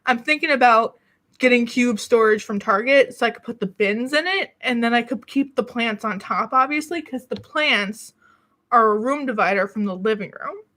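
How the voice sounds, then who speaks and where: A woman's voice: on the high side, normal speed, a bit bright. A woman chatting casually on her home vlog, rambling and self-deprecating, a little out of breath and coughing now and then. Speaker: beauty YouTuber. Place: small city apartment alcove.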